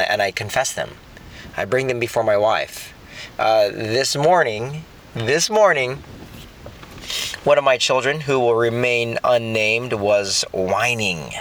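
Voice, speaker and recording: A man's voice: fairly low pitch, a bit bright, a little hiss or hum. A middle-aged man preaching a sermon in a conversational way, often repeating words while he thinks. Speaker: pastor.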